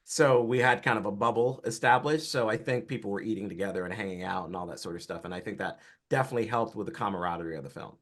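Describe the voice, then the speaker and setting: Man, from Georgia, film director, lowish voice, relaxed, explanatory interview answers. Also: fast, hardly any pauses. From Atlanta, Georgia, US.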